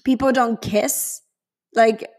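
A woman's voice: on the high side, fairly even intonation, slow, darkish tone. A woman from Spain, gushing and swearing casually as she reviews a film in a chatty vlog. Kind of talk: casual chat.

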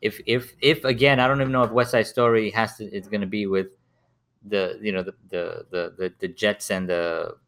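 A man's voice: fairly low pitch, fairly even intonation, moderate pace, fairly bright tone. A man in casual conversation, rambling and restarting, with lots of repeated words. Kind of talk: casual chat.

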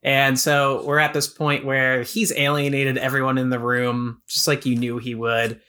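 A man with a bright, forceful voice talks through a novel on a casual podcast. He retells the plot with energy and slips into the characters' lines as he goes. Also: medium pitch, flat delivery, moderate pace, smooth. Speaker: podcast co-host. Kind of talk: casual literary discussion.

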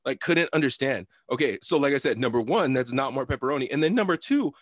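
A young man co-hosting a podcast, telling a long story in a loose, profane, animated way with lots of fillers. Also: mid-range voice, fast talker, dry recording, clean studio sound. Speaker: podcast co-host. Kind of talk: casual storytelling chat.

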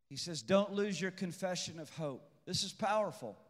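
A man preaching a sermon as pastor, swinging between shouted peaks and hushed intensity and repeating phrases for emphasis. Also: high voice, moderate pace, big-room sound.

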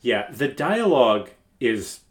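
A podcast co-host talks about a film in casual, profane, wry banter. The pitch moves a lot and stays animated. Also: slow pace. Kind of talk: casual movie review chat.

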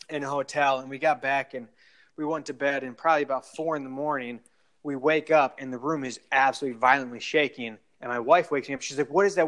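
A man's voice: mid-range voice, a bit bright. A young adult man telling long, rambling stories in a casual podcast chat, full of fillers and restarts. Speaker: guest storyteller.

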